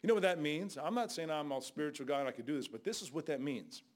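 Older guy preaching hard, yells then goes quiet, kinda high voice. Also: fast talker. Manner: loud, scolding, shifts between shouting and low asides. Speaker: guest preacher. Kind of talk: fiery Bible sermon.

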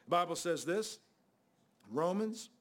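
A man's voice: high voice, lively intonation, measured pace, a bit bright. A man preaching a sermon in a blunt, conversational way, with sudden outbursts.

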